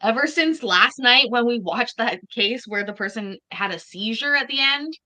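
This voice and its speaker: A woman's voice: on the high side, animated, normal speed, pushed and bright. A woman streamer reacting to a court hearing, chatty and joking with her viewers. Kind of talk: casual reaction commentary.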